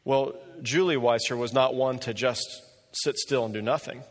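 A man preaching a sermon and telling a story with animated delivery, often rising in pitch when he quotes people. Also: normal speed. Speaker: pastor. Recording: long reverb of a large hall.

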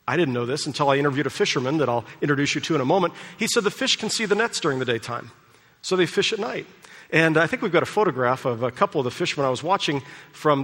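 Animated preacher in a reverberant hall. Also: male voice, fairly high pitch. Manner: animated storyteller acting out voices. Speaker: pastor. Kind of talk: sermon storytelling.

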